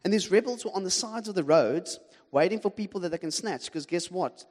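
A man's voice: sits high, animated, fairly quick, darkish tone. A man with a South African accent preaching a sermon, telling a story with animation and humor and putting questions to the congregation. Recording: long hall reverb.

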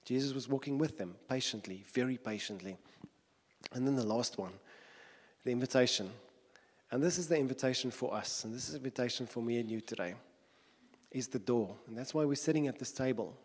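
A man's voice: medium pitch, brisk, darkish tone, big-room sound. A man preaching a sermon in an earnest tone, repeating his phrases and building with rhetorical questions.

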